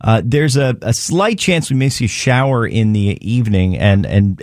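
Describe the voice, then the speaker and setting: Chatty male radio DJ, lively pitch. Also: moderate pace, few pauses, no echo. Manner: loose and chatty, many fillers and restarts. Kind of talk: casual radio chat between songs. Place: radio studio.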